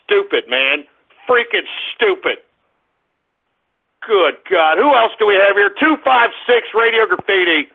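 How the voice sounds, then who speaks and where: A man hosting a call-in radio show, ranting loudly with a lot of swearing. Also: sits high, expressive, a little slow. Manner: loud, profane, shouting rants. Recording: tinny phone-like radio audio.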